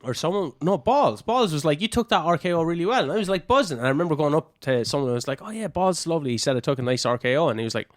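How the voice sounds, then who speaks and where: A young Irish man, a wrestler guesting on a podcast, telling casual stories full of swearing and lively asides. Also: on the high side, very fast, few pauses, no echo, clean studio sound. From Ireland. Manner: swears freely, animated anecdotes. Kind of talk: casual storytelling.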